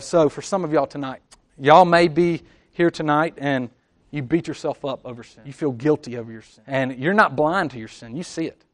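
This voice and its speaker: A man preaching a sermon, earnest, dropping to soft low tones and rising to loud emphatic bursts. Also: brisk. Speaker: pastor.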